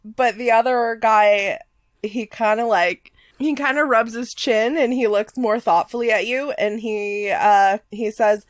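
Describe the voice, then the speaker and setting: A woman's voice: a little high, steady tone, unhurried, no room sound. A woman narrating a tabletop game as game master in a casual, filler-heavy way.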